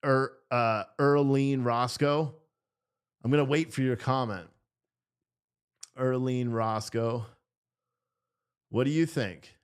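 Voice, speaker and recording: A man's voice: medium pitch, slow, long pauses, smooth. A man hosting a casual political commentary stream, talking in a rambling, profane way that keeps interrupting itself. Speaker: host.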